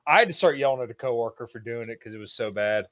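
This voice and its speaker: A man's voice: medium pitch, fast talker, a bit bright. A man on a podcast, hesitant and stammering as he complains about eating noises. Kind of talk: casual banter.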